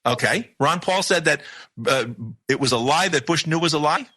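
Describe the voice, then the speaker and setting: A male radio host pushes his points in emphatic bursts and keeps firing off rhetorical questions. His voice sits a little high, with a bright, sharp edge. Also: moderate pace, breathy edge. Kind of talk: opinionated radio talk.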